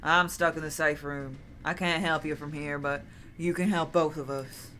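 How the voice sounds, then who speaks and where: A woman streamer voicing a weary, curt female doctor giving brisk orders over an intercom. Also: low voice, steady tone, pushed and bright, a little hiss or hum.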